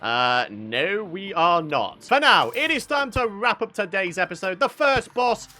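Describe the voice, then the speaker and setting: A man hosting a gaming video, giving excitable let's-play commentary, talking to himself and breaking into loud outbursts and laughs. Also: high voice, measured pace.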